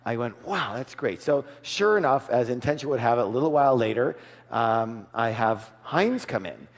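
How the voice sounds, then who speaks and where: Middle-aged male seminar speaker, animated storyteller, mid pitch, long hall reverb. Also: normal speed. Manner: animated storytelling, acts out dialogue, asks the audience. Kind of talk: live motivational seminar talk.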